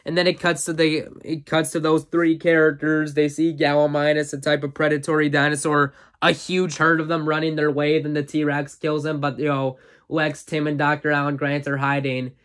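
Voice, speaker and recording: An eager fan playing reviewer rambles through the plot of his favorite film, leaning on "uh" and "you know" and chuckling often. He speaks at a normal speed in a level, a little high, fairly bright voice.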